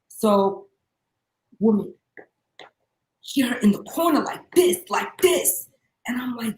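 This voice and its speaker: A woman's voice: a little high, animated, moderate pace. A woman hosting a casual talk show, reflecting and telling her own anecdotes. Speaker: host. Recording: roomy echo.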